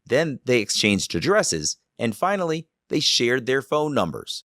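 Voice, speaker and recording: A man's voice: medium pitch, big pitch swings, measured pace, fairly bright tone, no room sound, studio quality. A man hosting a podcast, narrating the story and adding reflective comments. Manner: reflective, thoughtful. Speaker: podcast host.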